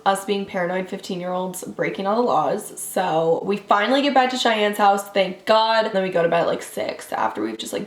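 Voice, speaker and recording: A young woman in a quick, chatty storytime vlog, talking at a mid pitch and full of fillers. She jumps up high when she quotes people. The room around her sounds echoey and bare. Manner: animated voices when quoting people. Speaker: vlogger. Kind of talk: casual storytime.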